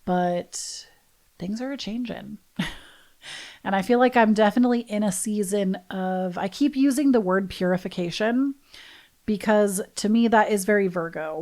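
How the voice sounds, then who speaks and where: Young woman, podcast host, casual reflective monologue, soft and confiding, lingering pauses. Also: medium pitch.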